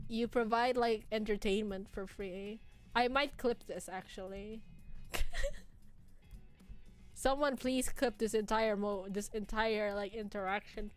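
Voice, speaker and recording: A woman in her twenties chatting casually on a live stream with her viewers, laughing often. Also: fairly high pitch. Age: 20s.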